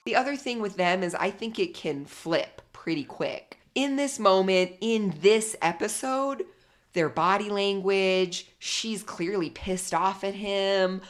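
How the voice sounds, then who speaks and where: A woman co-hosting a podcast, chatting casually and excitedly, laughing often and swearing now and then. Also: mid-range voice, slow. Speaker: podcast co-host. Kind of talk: casual chat about reality TV.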